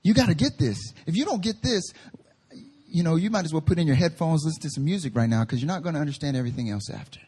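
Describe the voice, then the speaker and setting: A man preaching a sermon as pastor, with emphatic slow stresses and playful asides. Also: on the high side, animated, a little mellow, breathy edge. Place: church service.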